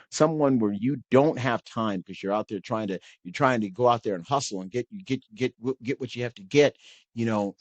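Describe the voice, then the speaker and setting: A middle-aged man talks straight to his podcast listeners in a loose, folksy ramble, full of "you know" and restarts. His voice sits low. The sound is dry, with no room around it. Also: no echo. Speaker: podcast host. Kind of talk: casual monologue to listeners.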